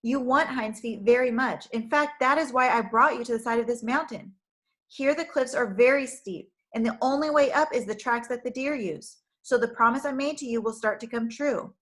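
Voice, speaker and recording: A kind, cheerful male shepherd, gentle yet strong, speaking with easy confidence, as a woman reading a storybook puts him on. His tone stays bright and reassuring. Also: on the high side, normal speed, lightly acted.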